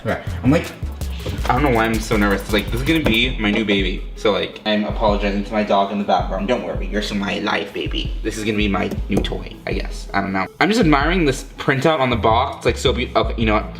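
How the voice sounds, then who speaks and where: A man doing a casual unboxing vlog at home, gushing and excitable, often poking fun at himself. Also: lowish voice, fast. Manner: gushing, excitable, self-mocking. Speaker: YouTuber unboxing a phone. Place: room at home. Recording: roomy echo with background music.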